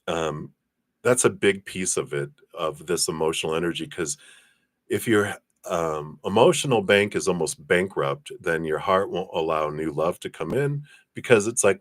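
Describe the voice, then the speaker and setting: A man giving a live-streamed card reading, chatting to viewers by name and passing on messages in a drawn-out, hesitant way. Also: sits low, no room sound. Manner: chatty, reads viewer names and passes on spirit messages. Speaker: tarot reader.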